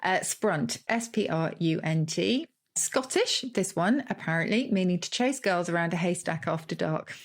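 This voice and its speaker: A woman's voice: on the low side, animated, normal speed, hardly any pauses. A woman co-hosting a podcast in casual chat, explaining word origins and laughing easily. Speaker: podcast co-host.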